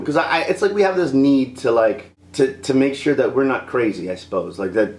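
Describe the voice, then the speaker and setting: A man's voice: mid-range voice, expressive, normal speed, roomy sound. A man giving a rambling, casual film review, laughing often and slipping into impressions.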